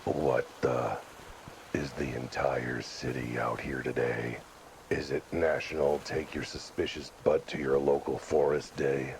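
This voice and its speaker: An actor playing a world-weary cat detective in a noir game, talking in a dry, sardonic deadpan. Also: male voice, extremely low pitch, measured pace, a little hiss or hum. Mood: wry. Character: world-weary cat detective, middle-aged male, wry. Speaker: game character.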